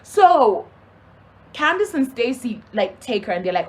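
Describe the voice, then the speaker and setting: Young woman, from Zimbabwe, casual storytime vlog, higher voice, very lively pitch, animated. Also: measured pace. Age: young adult. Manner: animated, acts out the people in her story. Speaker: YouTuber telling a story.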